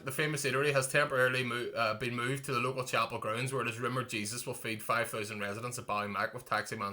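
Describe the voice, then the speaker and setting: A man's voice: mid-range voice, pushed and bright. A man hosting a casual chat, laughing and restarting as he reads a comic article aloud. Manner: chatty, laughing, many restarts. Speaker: podcast host. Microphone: desk microphone.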